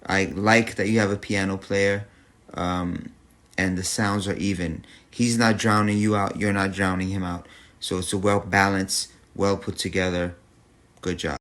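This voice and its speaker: A man judging a talent show, giving measured feedback point by point. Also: sits low, level tone, a bit bright. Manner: measured, itemized.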